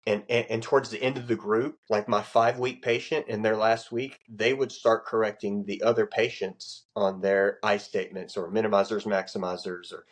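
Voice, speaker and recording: A middle-aged man talks through his experience as a podcast guest, earnest and expressive as he tells his stories. His voice sits a little lower than most men's. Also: moderate pace, few pauses. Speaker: podcast guest, Navy chief. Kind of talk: casual interview conversation.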